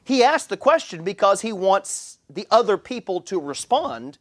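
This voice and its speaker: Animated male pastor preaching a sermon. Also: high-pitched, normal speed. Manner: animated preaching with frequent stammered repeats. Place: church.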